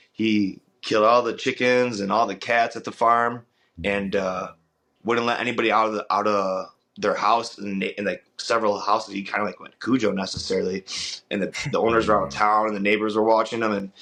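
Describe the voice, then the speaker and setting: A young man hosting a casual podcast tells a long, meandering story about his work as a dog trainer, restarting his sentences as he goes. His voice sits low but sounds bright and forceful. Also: creaky. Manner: rambling, restarts with "uh" and "I was like".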